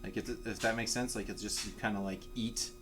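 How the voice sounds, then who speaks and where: A man's voice: lowish voice, fairly even intonation, a little fast, background noise. A man narrating a tabletop game as game master, loose and rambling. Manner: rambling, many fillers and restarts.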